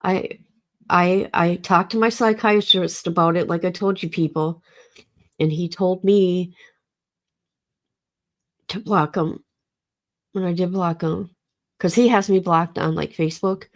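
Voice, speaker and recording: A woman's voice: fairly low pitch, steady tone, a little slow, long pauses. A middle-aged woman, grieving, talking casually and emotionally to her livestream chat. She rambles and swears. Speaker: livestream host.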